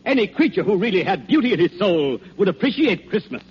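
Santa Claus, lively and high. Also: male voice, brisk, breathy edge, heavily acted. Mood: wistful. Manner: calm, coaxing rhyming verse. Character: jolly, patient, persuasive old Santa Claus. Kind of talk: 1940s radio acting. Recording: dull, faintly hissy old radio recording.

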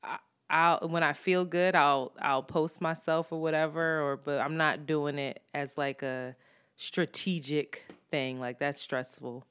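A woman hosting a casual podcast chat, relaxed and candid, swearing freely and giving shout-outs. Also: deep voice, measured pace, smooth. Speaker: podcast host.

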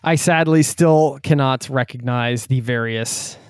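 A man's voice: medium pitch, a little slow, clear, resonant tone, no echo, clean studio sound. A man hosting a travel podcast, greeting listeners and chatting with his guest in a friendly, upbeat, casual way. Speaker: podcast host. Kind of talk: podcast intro and casual interview.

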